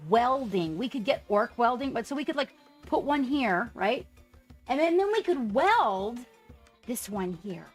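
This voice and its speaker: A chatty woman with a somewhat high voice talks excitedly through a casual livestream. She keeps breaking off to greet viewers by name. Soft music plays quietly underneath. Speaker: livestream host painting miniatures.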